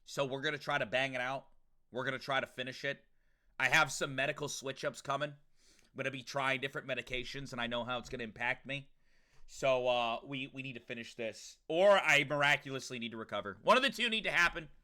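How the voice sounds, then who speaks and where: A young man livestreams, chatting casually and profanely with viewers and joking loosely between rambles. His medium-pitched voice is quick, bright, and forceful.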